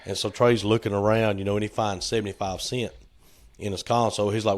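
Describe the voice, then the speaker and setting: A man's voice: fairly low pitch, little pitch movement, a little fast. A man co-hosting a podcast, telling a story in a laid-back way, chuckling and acting out the quotes. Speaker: podcast co-host. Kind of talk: casual storytelling chat.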